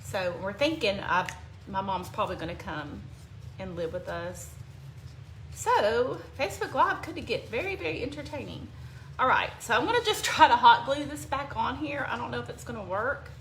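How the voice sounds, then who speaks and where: A middle-aged woman hosts a casual crafting livestream, chatting with viewers by name and sometimes getting teary. Her voice is on the high side, animated and a bit bright, at a moderate pace. The room is echoey, with faint background noise.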